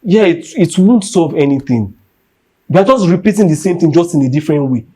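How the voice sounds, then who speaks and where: Podcast host, young Nigerian man, pitched a bit high, emphatic rant delivery. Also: lively intonation, fairly quick, dark tone. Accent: Nigerian English. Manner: heated and emphatic, repeating points. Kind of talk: impassioned rant.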